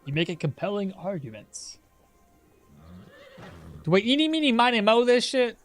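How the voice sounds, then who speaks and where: Guy streaming a game, bit higher voice, chatty, talks to chat, faint music behind. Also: sing-song, normal speed. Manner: chatty, thinks aloud, reads chat and laughs often. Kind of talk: casual live-stream commentary.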